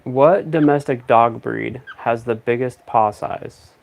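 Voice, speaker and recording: A man talks in a loose, rambling casual chat, thinking out loud as he goes. His voice has a gravelly edge and sits at an ordinary pitch for a man. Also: slow pace, highs cut off. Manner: rambling, relaxed, thinks aloud.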